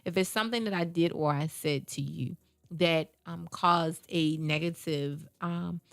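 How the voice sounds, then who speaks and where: Woman, radio talk host, low voice, gravelly, dry close sound, chatty, emphatic. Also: a little slow, dry recording. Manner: chatty, repetitive, emphatic, acts out quotes.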